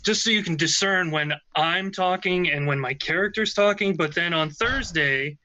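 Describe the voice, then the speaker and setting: A man guest chatting casually, self-deprecating and halting. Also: high-pitched, crowd noise. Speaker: guest, player. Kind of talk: casual chat. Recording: dull lo-fi, dry sound.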